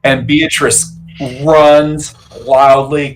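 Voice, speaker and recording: A man's voice: medium pitch, steady tone, takes it slowly, poor audio. A man playing a tabletop game, describing his actions playfully. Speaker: player. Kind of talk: casual tabletop play.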